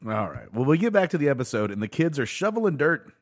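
A man's voice: a little high, very animated, quick pace. A man co-hosting a podcast, recapping a TV episode in casual chat, rambling with stammering restarts and frequent laughs. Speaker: podcast co-host.

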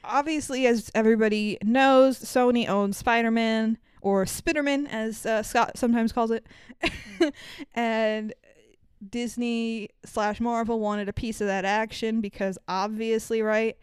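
Sweary, animated woman podcast host. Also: a little high, a little slow, clean tone, no echo. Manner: profane, animated storytelling with mock quotes. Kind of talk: casual chat.

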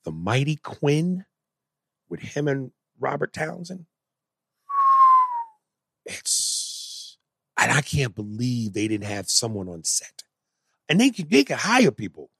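Gravelly, animated man chatting. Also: medium pitch, slow, long pauses, dry recording, studio quality. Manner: animated, profane, emphatic. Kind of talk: casual chat.

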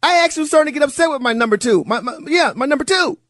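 A man's voice: extremely high pitch, very fast, no echo, clean studio sound. A man hosting talk radio, telling stories and delivering a conservative monologue with mocking asides. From United States. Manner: animated, storytelling, mocking asides. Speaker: fill-in radio talk host.

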